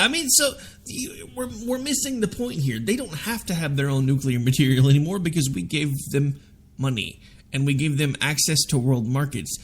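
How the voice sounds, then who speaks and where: A man hosting a political talk radio show, arguing his views forcefully. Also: a little high. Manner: forceful, opinionated, argumentative.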